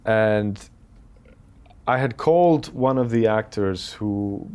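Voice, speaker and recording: A film director in his thirties from the United Arab Emirates tells anecdotes in a casual interview, animatedly acting out what other people said. His voice is fairly low, and he speaks slowly.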